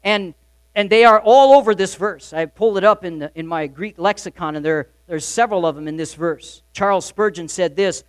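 A pastor preaches a sermon in a fairly high male voice, pressing hard on key lines and then dropping to a soft, confiding tone, swinging emphatically between loud and soft. He speaks briskly with a clean tone, and the sound is dry and close with no echo or room ring.

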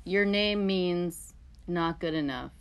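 A woman's voice: fairly low pitch, slow pace, clean tone. A woman hosting a casual podcast chat, teasing her guest with jokey interjections. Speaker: podcast host.

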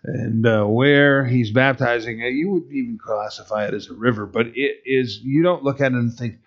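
A man's voice: mid-range voice, fairly even intonation, moderate pace, hardly any pauses, muffled recording. A man preaching a sermon in a conversational way, with casual asides and fillers, turning stern and emphatic when he quotes a rebuke.

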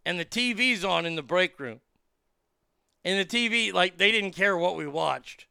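A man telling a profane, animated story in casual chat, with lots of fillers and restarts. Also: sits high, normal speed, vocal fry, clear, resonant tone, dry recording, studio quality. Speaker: comedian and podcast guest.

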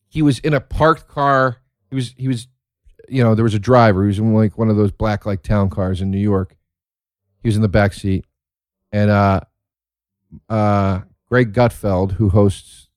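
A man who is a comedian telling stories in a casual monologue, excitable and profane, laughing as he talks. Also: fairly low pitch, no echo, clean studio sound. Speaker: stand-up comedian.

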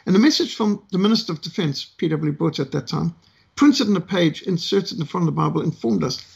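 South African man, middle-aged, slightly raised pitch, gravelly, storytelling with halting pauses. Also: lo-fi sound. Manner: unhurried with frequent "uh" pauses. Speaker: ministry speaker. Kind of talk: storytelling testimony.

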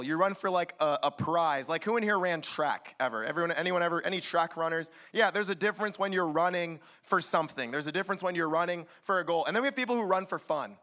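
Youth pastor guy preaching, high bright voice, lively, does quick little voices. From California. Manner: animated, acts out quick voices. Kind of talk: sermon.

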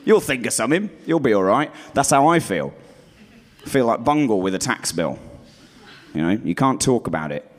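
A man doing a stand-up routine on stage, rambling and self-deprecating, often dropping into low muttered asides. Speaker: stand-up comedian.

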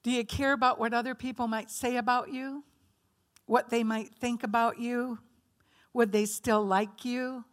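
A woman's voice: fairly high pitch, fairly even intonation, measured pace. A woman giving a conversational teaching sermon to a women's group, asking the audience questions and acting out quoted voices. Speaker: women's ministry speaker.

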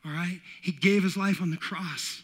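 A man preaching a casual, conversational sermon, often checking in with "all right" and building to loud high points. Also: fairly even intonation, moderate pace. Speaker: pastor.

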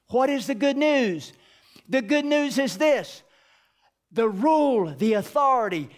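A man from the United States preaching a sermon in a folksy, animated way, acting out bits of dialogue and dropping to a low hush for emphasis. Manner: drops to a low hushed voice for emphasis. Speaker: pastor.

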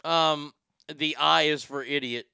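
A man's voice: on the high side, fairly even intonation, measured pace, vocal fry, bright, forceful tone, clear, resonant tone, no room sound, studio quality. A man hosting a casual morning show, reading out listener messages and ranting with plenty of swearing. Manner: profane, ranting, reads listener messages aloud. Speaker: show host.

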